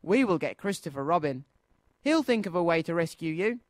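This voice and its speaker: A man putting on a gentle, simple bear from a storybook, talking mildly and kindly. The voice is dry and close. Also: a little high, very animated, no echo. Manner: slow, mild.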